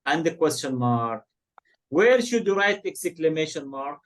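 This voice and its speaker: A man with a fairly high, sing-song voice and an Arabic accent teaches an online English class at a slightly slow pace. He switches between English and Arabic and quizzes his students with questions.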